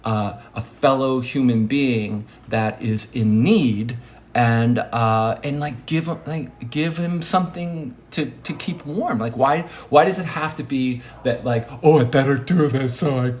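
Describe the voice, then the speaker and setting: A man's voice: medium pitch, slow. A man giving a rambling casual monologue, hesitant with many fillers, often dropping to a near-whisper. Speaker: vlogger.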